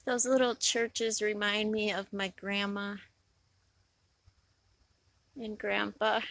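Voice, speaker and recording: A woman chatting casually while out on a walk through a neighborhood, recording herself on her phone and rambling warmly about what she sees. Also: mid-range voice, level tone, slow, vocal fry, no echo. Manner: chatty, rambling, easily delighted. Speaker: vlogger on a walk. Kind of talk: casual walking vlog. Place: outdoors in a neighborhood. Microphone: phone in hand.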